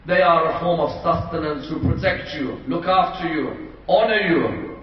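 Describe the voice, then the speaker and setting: A man preaches a majlis sermon in a large community hall, his voice fairly high-pitched and his speed normal. He narrates a story dramatically, voicing each character, while the audio comes across dull, distant, and full of hall echo.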